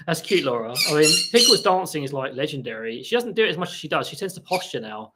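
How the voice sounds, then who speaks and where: A man's voice: on the high side, very animated, a little fast, very noisy. A man hosting a casual live stream at home, answering viewers' questions and breaking off to talk to his parrots. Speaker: parrot channel host. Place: home room with pet parrots. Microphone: laptop for live stream. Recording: parrot squawks and clicks in background.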